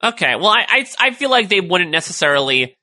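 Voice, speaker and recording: A man co-hosting a casual fan discussion podcast, chatty and quick with jokes. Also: high-pitched, very animated, pushed and bright, no room sound. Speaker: podcast co-host.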